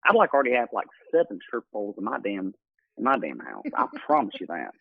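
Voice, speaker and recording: A gravelly-voiced man calls in and rambles, leaning on fillers. His voice comes through a thin, dry phone line. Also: fairly low pitch, wildly swooping pitch, quick pace, no echo. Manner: rambling, heavy fillers, swearing. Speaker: caller.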